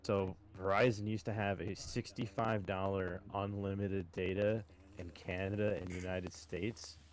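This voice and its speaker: Low-voiced man telling a swearing-laced story. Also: little pitch movement, a little slow, slight background noise. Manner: swears a lot, storytelling, calls listeners boys. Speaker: podcast co-host. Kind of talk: casual chat.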